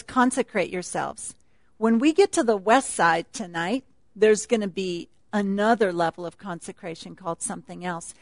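A woman's voice: mid-range voice, no echo. A woman speaking at a retreat, teaching a Bible passage in a chatty, laughing sermon style.

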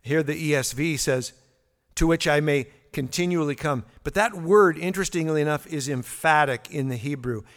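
A man's voice: fairly high pitch, normal speed, fairly bright tone. A man teaching through a psalm verse by verse, in a conversational way with fillers and repeated words. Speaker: Bible teacher. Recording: long hall reverb.

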